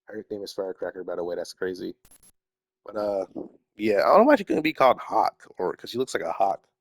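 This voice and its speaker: A young male YouTuber with a lowish voice rambles through a loose, casual chat, expressive and brisk, swearing freely and now and then sinking into a mumble. He sounds slightly sick, with a stuffy nose. The recording is dry, with no room sound or echo.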